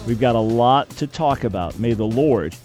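A man's voice: mid-range voice, lively intonation, normal speed, over music. A man hosting a talk radio show, speaking earnestly and with emphasis into a studio microphone.

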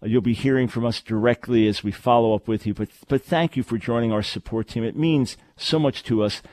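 A man's voice: medium pitch, a little fast, darkish tone, no room sound. A male radio talk show host who speaks earnestly and with emphasis, often repeating his phrases to drive them home. His voice sits in an ordinary middle range and sounds close and dry, with no room around it. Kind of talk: call-in radio advice and announcements.

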